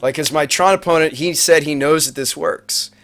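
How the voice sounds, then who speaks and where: A man telling a tournament story on a livestream, rambling and animated, acting out quotes with big swings in his voice. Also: on the high side, moderate pace, soft background music. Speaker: Magic player recapping a tournament on a livestream. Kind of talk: casual storytelling to a stream audience. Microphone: webcam mic.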